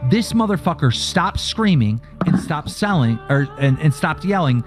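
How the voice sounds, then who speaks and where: Brief: man, somewhat high voice, heated profane storytelling, faint music bed. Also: sing-song, normal speed. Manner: profane, agitated, acts out both sides of the call. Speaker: streamer recounting a phone call.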